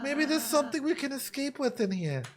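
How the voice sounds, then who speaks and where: A man voicing a gentle, shy young male goat-like prince from a video game, in a soft, earnest, hesitant way. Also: very high voice, sing-song, a little fast, noisy background, pitched above the performer's own voice. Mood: gentle worried. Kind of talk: reading game dialogue aloud in character.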